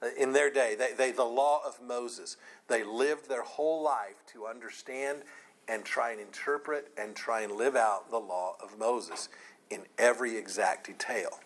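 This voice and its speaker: A man teaches scripture in a relaxed, conversational way. He is earnest and often restarts sentences, repeating a word before going on. His voice sits at an everyday middle pitch. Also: measured pace, low-quality recording. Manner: reads scripture aloud. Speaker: Bible teacher. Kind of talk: conversational Bible study.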